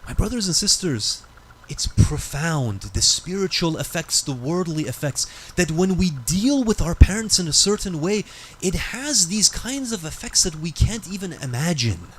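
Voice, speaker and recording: A man preaches in a mosque, telling a moral story with dramatic emphasis. His voice is high and lively, rising and falling across a wide range, with faint noise behind him. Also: normal speed. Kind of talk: sermon storytelling.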